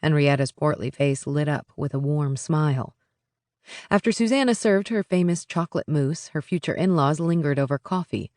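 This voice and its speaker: A woman narrating a romance audiobook in a steady, even storytelling manner. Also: low-pitched, moderate pace, dry recording, studio quality.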